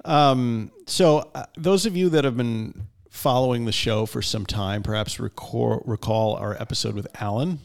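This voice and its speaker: A man's voice: mid-range voice, normal speed, vocal fry, few pauses. A man co-hosting a casual podcast, talking in a rambling way with many fillers. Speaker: podcast co-host.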